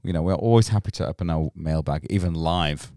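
A man's voice: low-pitched, fairly quick, warm tone, no room sound, clean studio sound. A northern English man co-hosting a beer podcast in jokey, rambling casual chat. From northern England. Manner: jokey, rambling, says yeah a lot. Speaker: podcast co-host.

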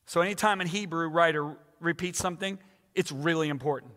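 A man's voice: on the high side, fairly quick, a bit bright. A man in his sixties preaching a sermon with emphatic, dramatic repetition. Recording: echoey hall.

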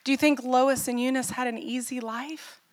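A woman's voice: high voice, steady tone, normal speed. A middle-aged woman pastor preaching a sermon in an earnest, personal way, telling stories and asking the listeners questions.

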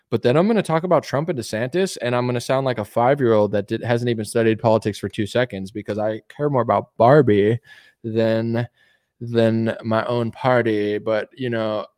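A man's voice: mid-range voice, normal speed, a little mellow, no room sound, clean studio sound. A man hosting a podcast, giving loose, joking opinions with lots of fillers. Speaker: podcast host. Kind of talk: casual opinion chat.

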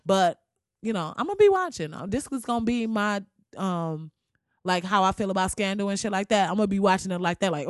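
A woman in her thirties talking casually as a podcast host, loud and profane, her voice jumping high for emphasis. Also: animated, brisk, no echo, clean studio sound. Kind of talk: casual solo commentary.

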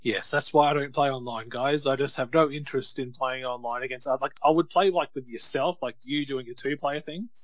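A man's voice: mid-range voice, fairly quick, hardly any pauses, dry recording. A man co-hosting a podcast in laid-back casual chat, with short replies and frequent laughs. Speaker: podcast co-host.

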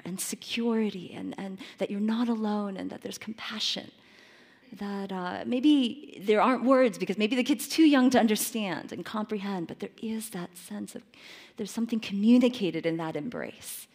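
A woman's voice: mid-range voice, normal speed, gravelly, husky. A woman in her thirties giving a personal faith talk, telling stories with lots of laughter and fillers. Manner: animated storytelling, laughs often, many fillers. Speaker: Christian speaker.

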